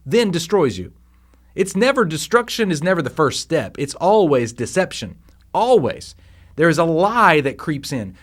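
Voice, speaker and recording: A man hosting a devotional podcast, teaching scripture in a casual, animated way with frequent restarts. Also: fairly high pitch. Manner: conversational, animated, with fillers and restarts.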